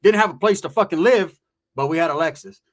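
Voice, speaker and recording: High-voiced man telling a street story. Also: quick pace. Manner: profane, streetwise, keeps tagging "right?". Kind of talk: casual storytelling.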